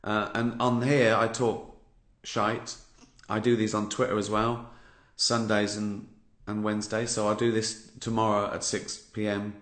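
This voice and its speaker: A man's voice: lowish voice, flat delivery, unhurried, fairly bright tone. A man in his fifties with an English accent, telling a sardonic story on a casual livestream and swearing freely. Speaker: comedian hosting a livestream. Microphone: phone or laptop mic. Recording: roomy home livestream audio.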